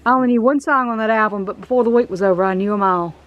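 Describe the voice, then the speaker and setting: A woman's voice: mid-range voice, racing, lo-fi sound. A middle-aged woman with a Southern US accent, chatting folksy and emotional as she walks through an old house for her vlog. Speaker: vlog host. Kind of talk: casual vlog walkthrough. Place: outdoors at an abandoned house.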